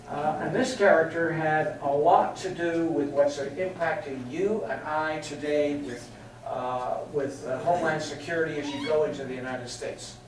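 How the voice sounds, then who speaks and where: In a very echoey meeting hall, captured from a distance with background noise, an older English guest speaker with a fairly high voice tells chatty stories about flying to a meeting. He chuckles at his own tales throughout this storytelling talk.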